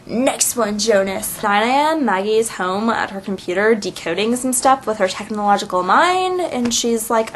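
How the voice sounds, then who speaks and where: A woman casually recapping a web series episode, chatty and sarcastic, full of "like" and quick eye-rolling asides. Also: a little high, expressive, slight background noise.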